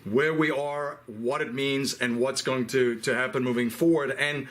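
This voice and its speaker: Male podcast host, mid-pitch, stumbling over and repeating words, earnest and admiring. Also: steady tone, a little slow, fairly bright tone. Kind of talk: interview conversation.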